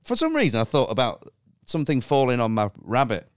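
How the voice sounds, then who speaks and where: A man spins a story in an animated, lively voice that swoops up and down, with a lot of laughter and swearing. His medium-pitched voice sounds close and dry, with no room around it. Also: brisk, no room sound. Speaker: guest comedian. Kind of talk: casual storytelling chat.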